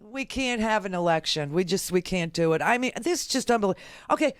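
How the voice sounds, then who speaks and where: Brief: woman talk radio host, emphatic and exasperated, smooth clear voice, dry close studio sound. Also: mid-range voice, animated, fast talker, no room sound. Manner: exasperated, emphatic, repeats phrases for effect. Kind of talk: political commentary rant.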